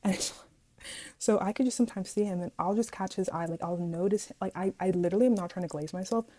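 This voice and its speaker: A woman's voice: mid-range voice, fast talker, low-quality recording. A young woman casually telling a storytime to her viewers, chatty and dramatic, often speaking to them directly. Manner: chatty, animated, dramatic asides, addresses viewers as guys. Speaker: vlogger.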